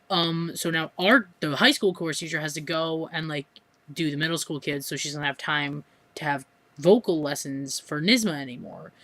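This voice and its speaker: A woman's voice: low voice, fairly bright tone, no echo. A teenage girl with an American accent, rambling chattily through a casual vlog with plenty of fillers and restarts. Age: teens. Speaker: vlogger.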